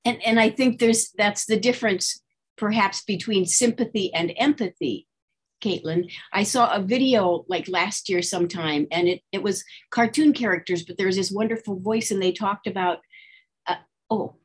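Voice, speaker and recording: A woman chats in a group discussion over a video call, telling a story with many restarts. Her voice is husky and breathy. Her pitch sits in the middle range. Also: normal speed. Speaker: group participant.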